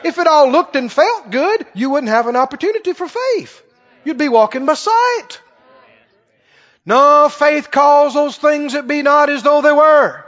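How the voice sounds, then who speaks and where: A man's voice: very high voice, lively intonation, measured pace, fairly bright tone. A man preaching a sermon, emphatic and storytelling, repeating his key phrases. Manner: emphatic, repeats phrases, tells stories with laughter. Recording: dull lo-fi with long hall reverb.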